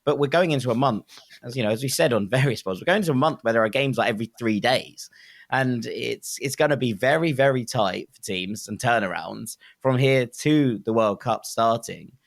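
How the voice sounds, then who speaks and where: A man's voice: medium pitch, normal speed, gravelly, dry recording. A man hosting a casual sports podcast, upbeat and often repeating words as he thinks. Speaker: podcast host.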